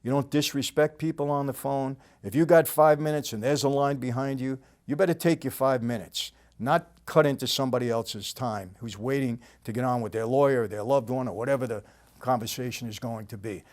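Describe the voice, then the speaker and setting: An older man with a New York accent telling a story in a casual, plain-spoken way, often trailing off quietly at the end of a sentence. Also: fairly quick. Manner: conversational, plain-spoken, drops to a low murmur at line ends. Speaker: storytelling host.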